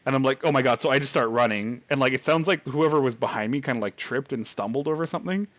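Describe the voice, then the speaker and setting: A man's voice: mid-range voice, fast talker, a bit bright, no room sound. A man hosting a podcast, telling a scary childhood story in a rambling, casual way, full of fillers and laughs. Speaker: podcast host.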